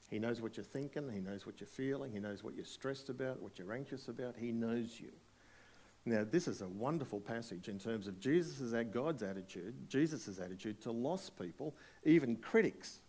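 A man's voice: mid-range voice, normal speed, darkish tone. A man preaching a sermon to a congregation, emphatic, asking rhetorical questions and polling the listeners. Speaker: pastor. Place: church hall before a congregation.

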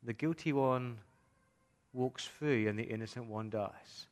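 A male pastor delivers a sermon at a middle pitch. He keeps asking the congregation questions, sinks to a near-whisper at times and then builds back up with emphasis. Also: measured pace, darkish tone. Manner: asks the congregation rhetorical questions.

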